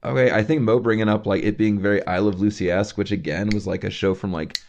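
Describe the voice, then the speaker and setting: A man's voice: fairly low pitch, fairly even intonation, fast, gravelly, a little mellow, muffled recording. A man co-hosting a casual podcast, laid-back and slangy, leaning on filler words. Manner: laid-back, slangy, says "dude" and "like" a lot. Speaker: podcast co-host. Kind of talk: casual chat reviewing a TV show.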